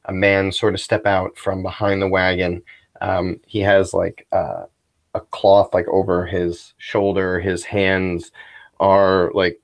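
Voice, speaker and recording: A man narrating as game master of a tabletop role-playing game, rambling and descriptive. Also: low-pitched. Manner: rambling, full of fillers and restarts.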